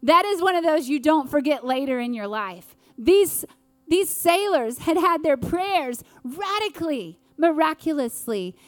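A woman preaching an earnest sermon with dramatic pauses. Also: high voice, lively intonation, no room sound.

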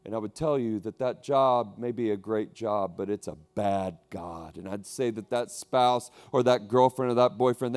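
A man preaching a sermon, acting out listeners' voices with dramatic repetition and big swings between soft and loud. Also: medium pitch. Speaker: pastor.

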